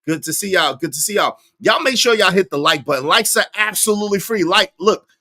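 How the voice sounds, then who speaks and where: A man hosts a live stream, and his voice sits high and bright. He reads chat comments aloud, shouts out viewers by name, and argues his points with emphasis. The sound is close and dry. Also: expressive, brisk, no room sound. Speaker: livestream host.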